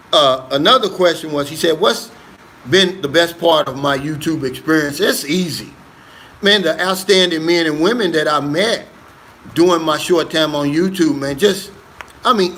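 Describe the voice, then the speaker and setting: A man's voice: fairly high pitch, a bit bright, slight background noise. A man hosting a casual livestream on his phone, reading viewer comments aloud and answering them in an earnest, easygoing way. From United States. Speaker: livestream host.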